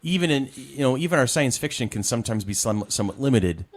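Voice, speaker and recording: A man in casual film chat, talking in a lively, rambling way with lots of "you know". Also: mid-range voice, quick pace. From Rochester, New York area. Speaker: podcast co-host. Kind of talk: casual chat about films.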